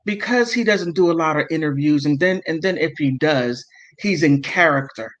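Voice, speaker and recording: Male streamer, slightly high voice, slow heated delivery, dull lo-fi audio. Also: fairly bright tone. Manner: emotional, heated, self-interrupting and apologetic. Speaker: livestream host. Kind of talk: casual livestream commentary, reading chat comments.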